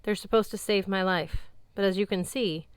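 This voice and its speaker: A woman's voice: medium pitch, steady tone, normal speed, clear, resonant tone, no room sound, lightly acted. A woman reading an audiobook, voicing a fierce, bitter young woman warrior in a brusque, sardonic tone. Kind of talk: audiobook character voice.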